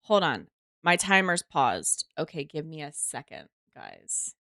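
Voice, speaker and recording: A woman's voice: low-pitched, big pitch swings, measured pace, pushed and bright, dry recording, clean studio sound. A woman streaming a game live, chatting casually to her viewers, swearing freely and talking to herself as she plays.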